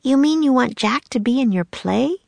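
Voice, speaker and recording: A woman voicing an eager, bold little girl in a storybook reading, excited and pleading. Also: sits high, normal speed, gravelly, no room sound, pitched above the performer's own voice, heavily acted. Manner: excited, pleading, rising questions.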